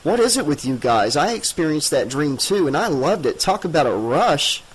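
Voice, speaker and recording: A man voicing a calm, caring young boyfriend who speaks in an easygoing, soothing way, a little above his own pitch. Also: normal speed, breathy edge, poor audio.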